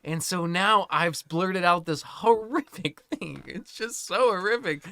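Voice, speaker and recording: A man's voice: high-pitched, measured pace, pushed and bright, no room sound, clean studio sound. A young man on a podcast, rambling through stories with lots of swearing and laughter. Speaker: podcast co-host. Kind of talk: casual storytelling chat.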